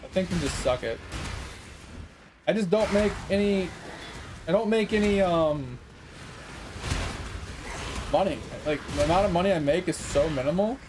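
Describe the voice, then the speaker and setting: A man's voice: sits high, normal speed, long pauses, noisy background. A young man giving casual gameplay commentary as a streamer, frustrated and swearing while he talks to his chat. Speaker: gaming streamer.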